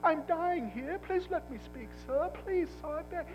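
A flustered young man with a British accent begs to be heard in a high, strained voice, tripping over his own apologies, as a preacher puts him on. The sound is dull and lo-fi, with a faint guitar underneath. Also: normal speed. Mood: pleading. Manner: pleading, fretful, stammering.

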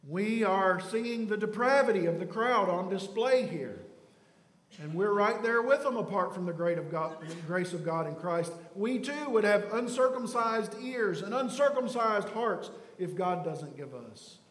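Emphatic high-voiced preacher in echoey hall. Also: male voice, expressive, unhurried. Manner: emphatic preaching, swings from loud to hushed. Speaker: pastor. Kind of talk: sermon. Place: church sanctuary.

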